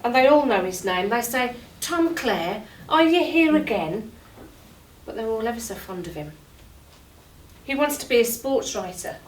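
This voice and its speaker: A woman's voice: a little high, normal speed, natural voice. Shaken journalist, read by a woman writer. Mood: fond. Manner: earnest, reflective, sombre. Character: shaken newspaper journalist after an air crash. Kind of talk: stage monologue reading. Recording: roomy, distant mic, faint noise.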